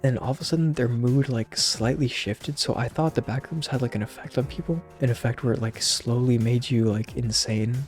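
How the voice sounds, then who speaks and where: A man's voice: medium pitch, steady tone, a little fast, hardly any pauses, darkish tone, faint music behind. A young man casually recapping a movie, rambling with lots of slang and fillers. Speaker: channel host.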